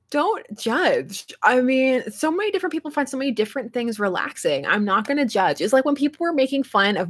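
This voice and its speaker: A woman's voice: medium pitch, a bit bright. A young woman live streaming and chatting casually with her viewers, rambling and laughing often as she answers chat. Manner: reads and answers chat aloud.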